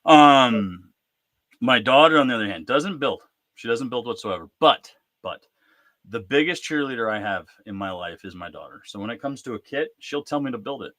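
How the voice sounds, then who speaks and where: A man in his thirties hosting a casual live-stream chat, talking in a lively, chatty way and acting out bits of family conversation. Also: mid-range voice, normal speed, no room sound. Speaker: host.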